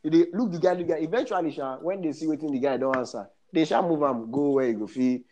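A young Nigerian man telling a comic story in casual chat, animated and laughing as he goes. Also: fairly high pitch, fast talker. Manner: animated, laughs through his story, mixes pidgin. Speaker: comedian.

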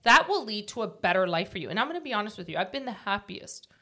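Bright-voiced chatty woman podcaster. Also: medium pitch, big pitch swings, quick pace. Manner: chatty storyteller, acts out quotes. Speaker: podcast co-host. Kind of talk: casual podcast chat.

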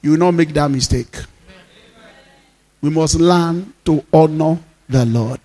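A male pastor with a Nigerian accent preaching a sermon, reading scripture slowly and breaking into emphatic, rising declarations. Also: a little high, dark tone. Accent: Nigerian, Yoruba-speaking. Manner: mixes in Yoruba phrases.

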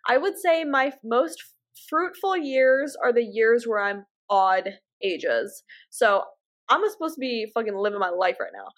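A woman co-hosting a podcast, chatting casually with slang, swearing and quick bursts. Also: on the high side, lively intonation. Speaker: podcast co-host. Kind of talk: casual chat.

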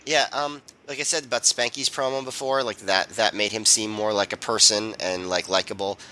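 A man with a bright, forceful voice, co-hosting a casual podcast and jumping in with quips. A faint low rumble of noise sits under the recording. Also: steady tone, normal speed, poor audio. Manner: chimes in with quips and mimics people. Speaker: podcast co-host. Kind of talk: casual chat.

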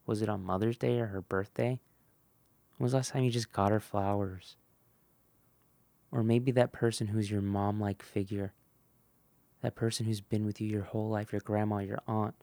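Earnest gravelly man giving a pep talk. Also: fairly low pitch, little pitch movement, dry recording. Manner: earnest, swings between loud emphasis and soft hush; acts out quick snippets of dialogue. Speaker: podcast host. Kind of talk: motivational monologue.

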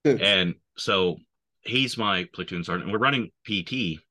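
Low, bright-voiced swearing army veteran. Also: male voice, a little slow. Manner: profane, swears constantly. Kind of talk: casual war storytelling.

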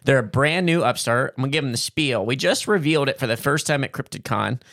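A man co-hosting a podcast, chatting casually and reading an upbeat sponsor pitch. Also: expressive, fast talker, a bit bright, no room sound, clean studio sound. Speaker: podcast co-host. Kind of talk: casual chat and sponsor read.

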